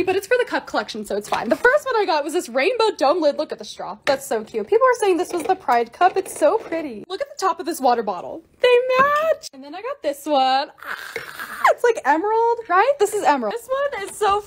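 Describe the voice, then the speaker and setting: A woman chatting excitedly as she shows things off in a casual vlog, gushing over each item. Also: high voice, slight background noise. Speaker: lifestyle creator.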